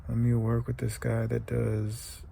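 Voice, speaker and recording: A man's voice: mid-range voice, completely flat delivery, a little slow, vocal fry, mellow, a little hiss or hum. A young man from the United States talking through a rambling, emotional confessional vlog, close to tears and sometimes dropping to a whisper. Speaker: vlogger.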